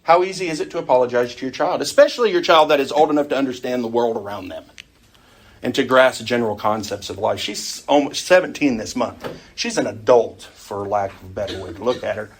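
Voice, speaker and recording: A man's voice: medium pitch, fairly quick, breathy edge. A middle-aged man teaching an adult Sunday school class in a conversational way, often putting questions to the group.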